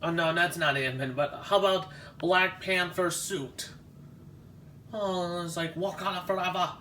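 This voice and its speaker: A man vlogging as he walks through an exhibition, talking in a halting, nostalgic way with frequent restarts. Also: fairly high pitch, steady tone, sharp tone, slight background noise. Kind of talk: casual walk-through commentary.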